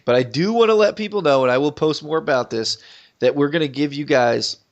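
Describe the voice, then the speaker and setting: A man's voice: a little high, a little fast, muffled recording. A man co-hosting a gaming podcast in casual chat, talking up things in eager detail. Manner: chatty, talks up food in eager detail. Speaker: podcast co-host.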